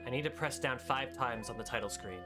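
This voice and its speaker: A man streamer reads game text aloud in a mid-range voice. He reads the narration smoothly, with faint music behind him. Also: mid-range voice, a little fast. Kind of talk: reading game text aloud, casual play.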